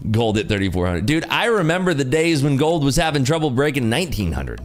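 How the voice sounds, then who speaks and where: A man's voice: mid-range voice, very animated, brisk, faint music behind. A tired man hosting a day-trading livestream, joking and reading chat aloud in casual talk.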